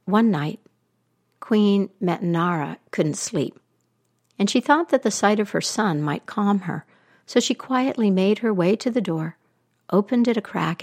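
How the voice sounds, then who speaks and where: A woman storyteller retelling a myth aloud with an expressive, animated delivery. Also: medium pitch.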